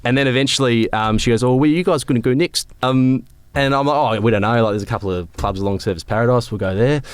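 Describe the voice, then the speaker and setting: A man's voice: mid-range voice, fast talker, clean tone, no echo. A young Australian man, a club captain, telling stories with a laugh in a casual podcast chat. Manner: laid-back storyteller, laughs often. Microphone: podcast microphone.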